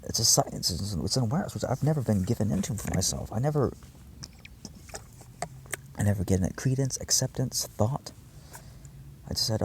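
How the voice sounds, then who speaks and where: A man's voice: on the low side, expressive, moderate pace, gravelly, long pauses, a little hiss or hum. A man talking to his viewers in a rambling, intense monologue, swearing often and restarting his sentences. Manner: intense, profane, wandering, many fillers and restarts. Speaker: vlogger addressing his viewers.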